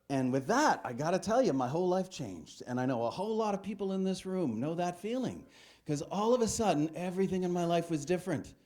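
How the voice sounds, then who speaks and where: Male comedian doing a keynote on stage, very animated storyteller who acts out the other voices. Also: sits high, a little fast. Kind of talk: stand-up keynote to a live audience. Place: large hall with a live audience.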